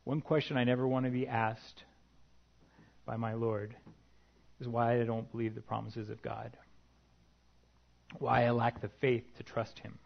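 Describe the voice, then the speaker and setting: A man's voice: mid-range voice, little pitch movement, a little slow, creaky, long pauses, lo-fi sound. A man preaching a sermon, reading scripture aloud in an earnest way with light personal asides.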